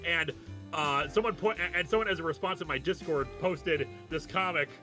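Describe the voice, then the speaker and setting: Guy guest chiming in, kinda high bright voice, keeps stumbling. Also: normal speed, faint music behind. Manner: talks over others, stumbles and restarts. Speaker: guest commentator. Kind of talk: casual chat.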